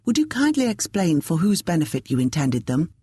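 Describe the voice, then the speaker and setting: A stiff, officious station master in an audiobook, read by a woman narrator. He speaks formally in a low, husky voice, close and dry. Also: very animated, brisk, warm tone, dry recording, heavily acted.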